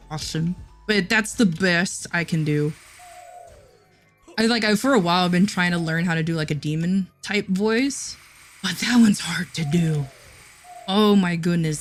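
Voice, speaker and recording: A woman livestreamer chatting casually with her chat, giggling often and restarting her sentences. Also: lowish voice.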